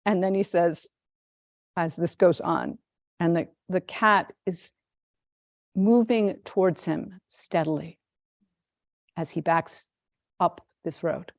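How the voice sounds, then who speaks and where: A woman with a fairly low voice delivers a dharma talk as a Zen teacher. She tells her story at an unhurried pace with gentle amusement. The sound is dry and close, with no room echo. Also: vocal fry.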